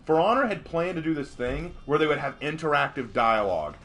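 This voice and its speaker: A man's voice: a little high, fairly quick. A young man chatting casually with viewers while playing a game, joking and telling stories. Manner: animated, joking, addresses viewers as y'all. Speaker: streamer and host. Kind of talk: casual chat while gaming.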